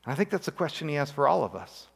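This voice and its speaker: Male pastor preaching earnestly; somewhat high voice, big reverberant room. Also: big pitch swings, rapid-fire, gravelly, husky. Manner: earnest preaching, voice rising on quoted pleas and dropping low on key lines. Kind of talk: sermon.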